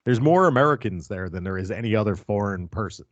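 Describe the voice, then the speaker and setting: A man hosting a casual podcast chat, animated and jokey with plenty of swearing. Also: on the low side, fast talker, no room sound, dull audio. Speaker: podcast host.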